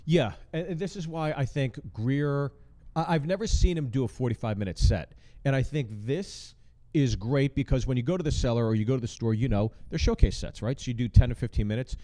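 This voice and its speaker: A man's voice: mid-range voice, fairly quick, dark tone. A man hosting a casual chat about stand-up comedy, explaining his points at length in an earnest, analytical way. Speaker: host. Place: comedy club.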